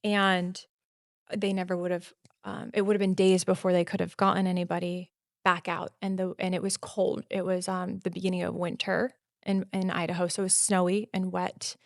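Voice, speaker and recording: A woman guest on a podcast telling a personal story in casual talk, animated and full of "like" fillers. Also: on the low side, moderate pace, vocal fry, no echo, studio quality. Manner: animated, acts out quotes, many "like" fillers.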